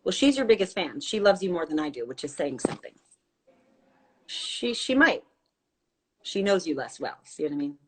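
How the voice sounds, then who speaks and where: Breathy, teasing woman on a live stream. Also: fairly low pitch, very animated, moderate pace, long pauses, fairly bright tone, rough recording. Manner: teasing, dry, playful banter. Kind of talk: casual chat. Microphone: phone.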